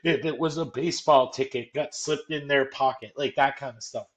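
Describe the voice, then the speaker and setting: A man co-hosting a casual movie podcast, animated and retelling scenes with plenty of "like". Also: medium pitch, normal speed. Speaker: podcast co-host.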